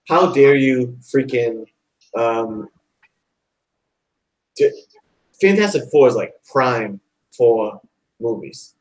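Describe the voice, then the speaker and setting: Excitable rambling male live-show host. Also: medium pitch, a little hiss or hum, low-quality recording. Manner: excited, rambling, says like and dude a lot. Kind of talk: casual chat.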